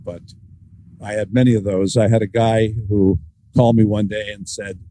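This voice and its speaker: A man, an author guest, telling wry anecdotes with dry humor in a relaxed storytelling style. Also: fairly low pitch, normal speed, no echo, low-quality recording.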